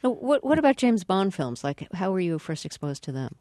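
A woman hosting an interview, asking questions in a measured, curious way and setting up clips. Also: fairly low pitch, big pitch swings, dark tone, no room sound, clean studio sound. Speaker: interview host.

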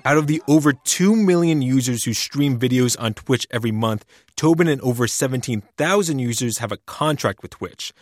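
A man narrating a scripted radio news report in a measured, even way. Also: mid-range voice, dry recording, clean studio sound, faint music behind. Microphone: studio mic.

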